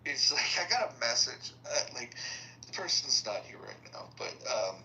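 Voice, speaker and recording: A man hosts an online debate room in a halting, rambling way and often restarts his sentences. His voice sounds bright and thin. Faint noise hums behind him. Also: medium pitch, sing-song, poor audio. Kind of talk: casual chat.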